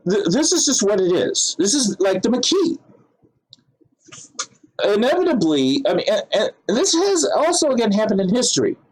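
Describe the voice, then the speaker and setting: A man's voice: a little high, a little mellow, low-quality recording. A man talking casually to the camera in a rambling way, with many fillers and restarts. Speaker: vlogger. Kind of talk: casual monologue.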